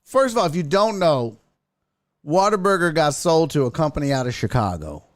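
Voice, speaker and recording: A man's voice: a little high, moderate pace, no room sound. A man hosting a casual live-streamed sports show, ranting and cursing freely. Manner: profane, ranting, animated.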